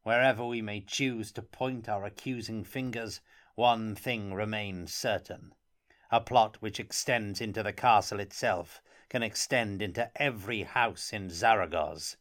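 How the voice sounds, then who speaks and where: Man reading a gruff, suspicious court minister. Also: on the low side, measured pace, a bit bright. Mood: stern. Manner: gruff, ungracious, stern. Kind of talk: audiobook character reading.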